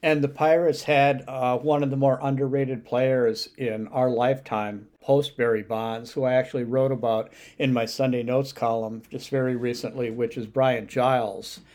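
Flat-voiced man hosting an interview. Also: mid-range voice, normal speed, few pauses. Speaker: interview host. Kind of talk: conversational interview question.

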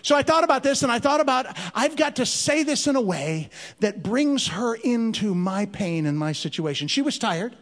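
High-voiced man doing stand-up in a church. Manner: animated, drawn-out comic delivery. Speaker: comedian. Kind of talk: stand-up storytelling. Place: church hall. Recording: long reverb of a large hall.

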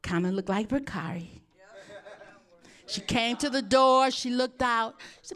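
Talk with a high, bright voice, as a pastor telling your own story from the pulpit. Stay animated, address the congregation directly and slip into the voices of the people you describe. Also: female voice, unhurried. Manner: animated storyteller, laughing often, acting out voices. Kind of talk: sermon testimony storytelling.

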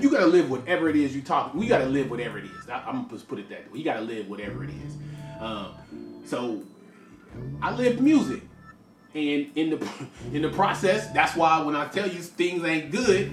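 Man, forties, casual monologue, frank, stop-start, slightly high voice, roomy echo, distant mic. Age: 40s. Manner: rambling, frank, stop-start with many restarts. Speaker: musician talking about his work. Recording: echoey room, voice from far off, music behind.

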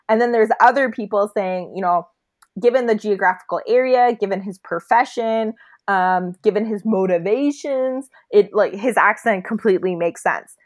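A woman's voice: medium pitch, animated, moderate pace. A woman co-hosting a podcast, chatting casually about a movie with plenty of fillers and restarts. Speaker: podcast co-host.

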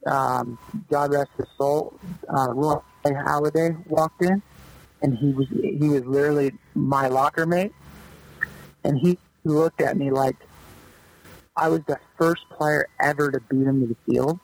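A man's voice: fairly high pitch, measured pace, gravelly, rough recording. A man in a casual podcast interview, loosely telling stories of his pro baseball days with many fillers. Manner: loose, animated storyteller with lots of fillers. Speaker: guest, former pro baseball player.

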